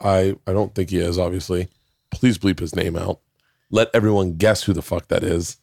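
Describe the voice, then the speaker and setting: A man's voice: sits low, level tone, normal speed, gravelly, a little mellow, no room sound, clean studio sound. A man in his forties telling a rambling story in casual chat, swearing often and restarting sentences. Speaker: podcast guest, comedian.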